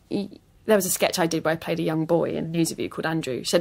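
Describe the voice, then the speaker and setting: A woman comedian recounts her past in a candid interview, quick to mock herself and unafraid to swear. Her voice sits a little low for a woman. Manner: self-deprecating, lively, swears casually. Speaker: comedian guest.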